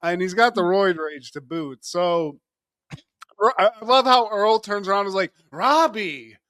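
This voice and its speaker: Higher-voiced joking podcast man. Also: normal speed, a bit bright, clear, resonant tone, dry recording, clean studio sound. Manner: joking, keeps addressing his co-host by name. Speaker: podcast co-host. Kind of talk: casual comedic recap.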